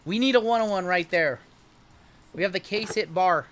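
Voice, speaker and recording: A young man hosting a live-streamed card break, joking and hyping each pull in rapid running banter. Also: sits high, fairly bright tone.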